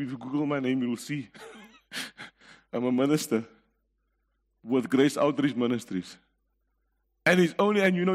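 Earnest South African preacher, slightly high. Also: male voice, long reverb tail. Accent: South African English. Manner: earnest, storytelling, laughs between points. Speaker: guest preacher. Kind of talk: sermon with personal testimony.

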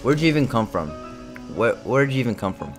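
A young man giving live commentary over his own gameplay, excitable and trash-talking, swinging between muttering and shouting. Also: medium pitch, a little fast, faint music behind. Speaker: gaming video creator.

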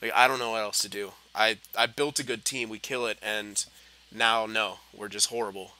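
A young man giving gameplay commentary, frustrated and swearing, muttering low and then yelling at the game. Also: fairly even intonation, moderate pace. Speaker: gaming commentator.

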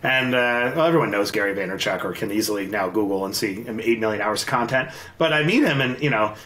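A man in his forties, a guest in a casual interview, telling personal stories candidly with quick bursts and restarts. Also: lowish voice, lively intonation, fairly bright tone. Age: 40s. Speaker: guest, investor. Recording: roomy echo.

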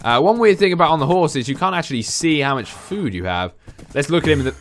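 A young man chatting through his own gameplay as the channel host, rambling calmly between sudden high-pitched yelps when startled. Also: fast talker, a little hiss or hum. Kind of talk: let's-play gameplay commentary.

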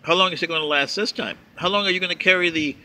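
A man's voice: high-pitched, fast, sharp tone. A man giving a sarcastic, mocking political commentary, reading and answering viewer letters.

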